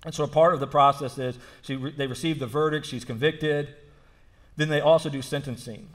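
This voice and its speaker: Male pastor, slightly higher voice, earnest storytelling sermon, repeats phrases for emphasis. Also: steady tone, brisk. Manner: frequent restarts and fillers like "like".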